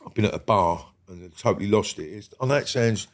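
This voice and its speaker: A man's voice: fairly low pitch, fast talker. A middle-aged man, a former prisoner telling his life story in an interview, blunt and sweary, checking in with "mate" and "yeah?". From England.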